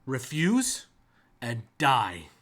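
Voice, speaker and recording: Casting: man doing a haughty female dragon army rider, cold low menace, slow deliberate delivery. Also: fairly bright tone, breathy edge, exaggerated voice. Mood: commanding.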